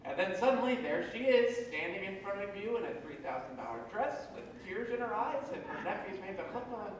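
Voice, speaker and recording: A man's voice: high voice, very animated, brisk, noisy background. A wistful, chatty man obsessed with an old cast record, confiding in a rambling way. His voice carries from far off across an echoey theatre. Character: wistful, chatty middle-aged musical fan. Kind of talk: stage monologue to the audience.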